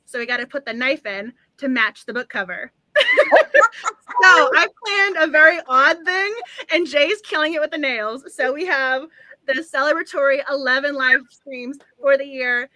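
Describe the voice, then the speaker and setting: Bubbly woman hosting a book club stream, high and bright, laughs a lot, dry sound. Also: brisk, dry recording. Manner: gushing, excitable, laughs often. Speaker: book club livestream host. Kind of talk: casual livestream chat.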